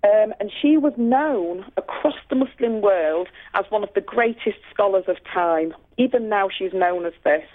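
A woman's voice: mid-range voice, moderate pace, hardly any pauses. Woman on a phone line telling stories all fired up, lots of restarts, tinny. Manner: earnest, passionate, with many restarts and fillers. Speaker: radio guest speaker. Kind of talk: storytelling on a radio show. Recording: phone-line call-in audio.

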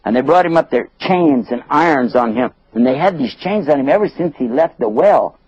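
A man telling a story to an audience in a lively way, acting out the voices and chuckling often. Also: mid-range voice, brisk, husky, dry recording, highs cut off.

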